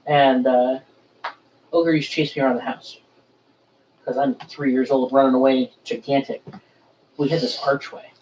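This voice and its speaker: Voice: mid-range voice, flat delivery, moderate pace, long pauses, a little mellow. A relative telling a childhood story casually, chiming in with short, easygoing remarks. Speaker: family member sharing memories. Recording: dull distant audio with faint noise.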